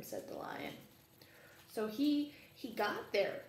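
A woman librarian reading a children's storytime in a library, playful and animated, asking the children questions. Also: on the high side, takes it slowly, slight background noise. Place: library room. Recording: echoey room, faint ambience.

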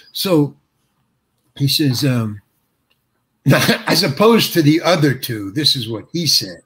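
An older man, an actor being interviewed, telling a story in a halting way with many restarts and acted-out quotes. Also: a little high, expressive, a bit bright.

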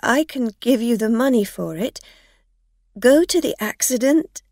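A woman's voice: fairly high pitch, animated, a little slow, darkish tone, no room sound, studio quality, pitched above the performer's own voice. A woman voicing a frightened, tipsy woman driver who stammers and pleads. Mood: pleading.

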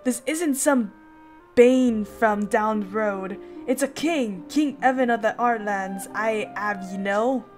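Soft music plays under a woman's slow, slightly high, darkish-toned reading of game lines. She is playing a blunt and cheery male shipwright foreman, faking a broad Northern English accent with a hearty, rough-edged, dialect-laden manner.

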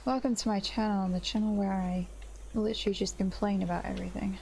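A woman's voice: mid-range voice, steady tone, quick pace, creaky, warm tone, a little hiss or hum. A young woman casually commenting on her own gameplay, chatty and self-mocking, greeting monsters in a sing-song voice. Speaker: gaming channel host.

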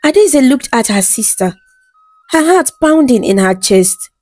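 A woman narrating a bedtime folktale in a smooth, even storytelling read. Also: high-pitched, measured pace, no echo, faint music behind.

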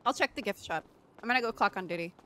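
A woman streaming in character as a doctor in a roleplay game, talking excitedly and gushing, with frequent laughter. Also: medium pitch, fast talker.

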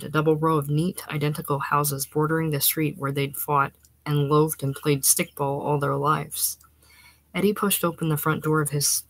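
A woman reading a short story aloud as audiobook narration, steady and even, sometimes sinking to a hushed near-whisper. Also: sits low, no echo. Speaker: reader.

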